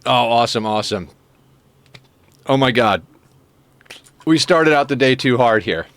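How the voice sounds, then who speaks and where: A man's voice: mid-range voice, expressive, measured pace, fairly bright tone, no echo. Chatty male game streamer, dry sound. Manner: chatty, reads out and thanks viewers; frequent laughs and filler words. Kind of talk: casual live-stream chat.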